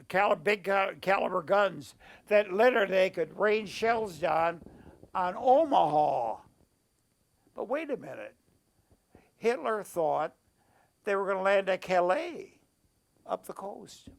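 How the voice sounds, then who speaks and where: An older man, a war veteran, recounting memories in an oral history interview, halting and searching for words, at times emotional. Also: high voice, fairly bright tone. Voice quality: gravelly.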